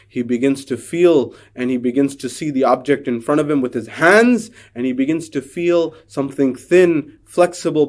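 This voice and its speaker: A man's voice: medium pitch, darkish tone. A male lecturer telling a parable during a religious talk, with dramatic delivery and repeated rhetorical questions.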